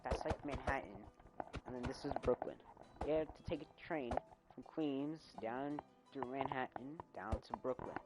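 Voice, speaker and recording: A young man streaming casually, rambling with many fillers, his volume swinging loud and soft. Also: mid-range voice, normal speed, poor audio. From United States. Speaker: railfan streamer. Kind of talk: casual gameplay stream chat. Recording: loud music behind.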